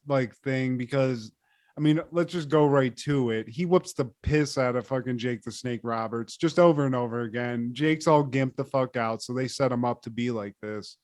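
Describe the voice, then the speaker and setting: A man's voice: medium pitch, no room sound, clean studio sound. A man co-hosting a podcast, riffing in a casual, profane way and laughing often. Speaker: podcast co-host. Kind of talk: casual chat.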